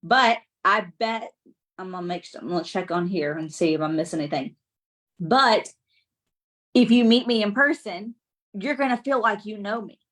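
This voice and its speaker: Energetic woman coaching live on her phone. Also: mid-range voice, normal speed. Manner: energetic, keeps checking in with the audience. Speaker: business coach. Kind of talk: live-streamed coaching talk to followers.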